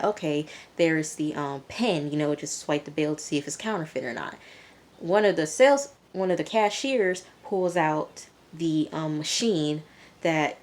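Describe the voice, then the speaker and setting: Low-voiced woman chatting casually. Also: darkish tone. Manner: chatty, full of fillers like "um" and "you know". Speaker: TV reviewer. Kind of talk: casual episode recap.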